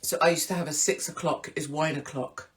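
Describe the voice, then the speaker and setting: A woman hosting a casual live-stream chat, irreverent and theatrical, breaking into sudden high exclamations. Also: fairly even intonation, a little fast. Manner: swings into big high exclamations. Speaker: host.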